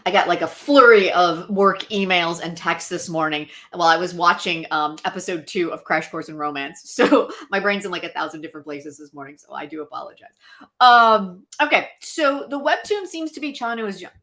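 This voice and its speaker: A woman's voice: on the low side, fairly quick. A woman co-hosting a live chat stream, talking casually and animatedly to viewers and co-hosts. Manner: chatty, animated, talks to viewers directly. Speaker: podcast co-host.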